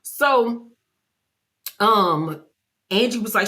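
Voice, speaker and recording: A woman giving a casual, animated, gossipy episode recap. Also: lowish voice, moderate pace. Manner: animated, gossipy storytelling, acts out quotes. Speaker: vlogger.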